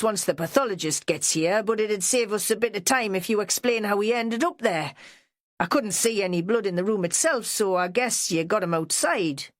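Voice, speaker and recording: A woman's voice: mid-range voice, dry recording, studio quality, pitched above the performer's own voice, natural voice. A woman voicing a blunt, plain-spoken middle-aged female detective.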